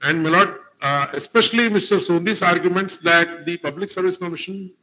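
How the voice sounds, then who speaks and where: High, bright-voiced Indian advocate. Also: male voice, a little fast. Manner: formal, addresses the bench as my lord throughout. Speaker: advocate arguing before a court. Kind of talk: courtroom legal argument. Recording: lo-fi courtroom livestream audio.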